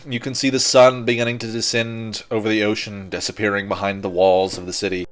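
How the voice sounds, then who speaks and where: A man with a fairly low voice narrates a tabletop game as game master. He talks in a loose, casual way, full of fillers. The narration stays relaxed and conversational. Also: fairly quick, hardly any pauses.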